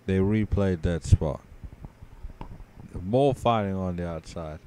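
A man co-hosting a podcast, giving a casual play-by-play recap of a wrestling match, sleepy and yawning, his voice trailing off quietly with many ums. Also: sits low, slow pace, slight background noise. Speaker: podcast co-host.

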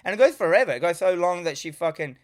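A man's voice: high-pitched, animated, quick pace. Sweary man recapping a film. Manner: sweary, rambling, laughs often. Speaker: podcast co-host. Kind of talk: casual film recap chat.

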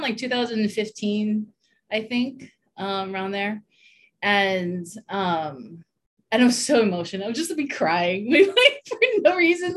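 Chatty woman telling a story, laughing. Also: mid-range voice. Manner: chatty, many fillers, laughs often. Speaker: guest telling a personal story. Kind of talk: casual podcast chat.

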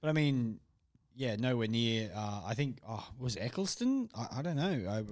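A man co-hosting a casual podcast chat, joking and chatty in lively banter. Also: mid-range voice, moderate pace. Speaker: podcast co-host.

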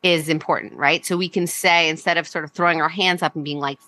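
A woman's voice: deep voice, steady tone, quick pace, sharp tone. A woman psychologist, a guest on a podcast, explaining parenting ideas in a casual way with frequent fillers. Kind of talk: podcast interview.

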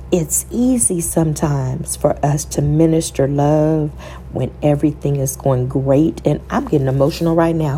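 Woman podcast host, low warm voice, emotional and preachy, faint hiss. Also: normal speed. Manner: emotional, preachy, addresses listeners as y'all; quotes scripture in a sermon cadence. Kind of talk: faith-filled personal storytelling.

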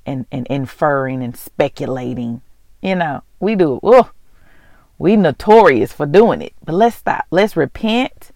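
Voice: mid-range voice, gravelly, no room sound. A host of a faith vlog and podcast, talking casually and earnestly to listeners, chatty and often laughing. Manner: earnest and heartfelt, often moved to tears. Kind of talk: casual devotional talk.

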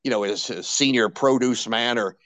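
Speaking as a guest in a candid storytelling interview, this older radio veteran gets excited, trips over restarts, and slips into the voices of the people he quotes. His mid-range voice moves at normal speed. The recording is dry and close, without echo or room sound.

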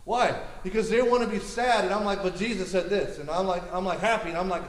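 Guy preaching a sermon, fired up and chatty, kinda high voice, big echoey room. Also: fast. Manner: energetic, conversational, repeats words, asks the crowd questions.

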